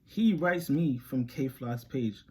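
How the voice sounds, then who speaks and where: A young man, telling a story to camera in animated, slangy street talk and laughing often. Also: medium pitch, slow pace, slight background noise. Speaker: reaction channel host.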